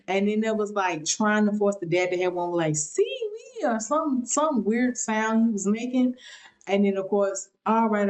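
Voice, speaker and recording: A woman's voice: lowish voice, low-quality recording. A young woman casually reviewing a TV show, chatty and slangy, often mimicking what characters said. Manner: animated, chatty, slangy, quotes people in mock voices.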